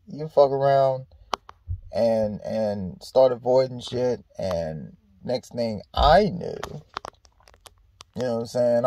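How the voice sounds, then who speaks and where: A man with a gravelly, low-lit voice talks through his thoughts in a loose, unhurried monologue. He is candid and swears freely, circling back with restarts and fillers. He is recorded outdoors in a park. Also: mellow, low-quality recording. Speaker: vlog host. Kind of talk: casual reflective monologue.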